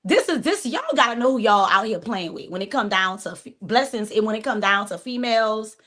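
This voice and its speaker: A woman's voice: medium pitch, expressive, brisk, bright, forceful tone. A woman in her forties cohosting a live podcast, talking bluntly and profanely in casual chat. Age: 40s. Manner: blunt, profane, storytelling with acted-out quotes.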